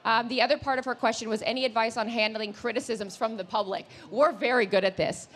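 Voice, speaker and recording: A woman co-hosting a live podcast on stage, chatty and laughing, reading out listener questions and giving advice. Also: fairly even intonation. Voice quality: deeper voice. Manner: chatty, laughing, fast-talking. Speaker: podcast co-host.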